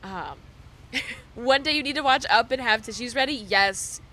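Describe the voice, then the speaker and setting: Young woman streamer, casual chat, bright and slightly high, laughs a lot, swears. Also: unhurried. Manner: animated, laughing often, swearing freely.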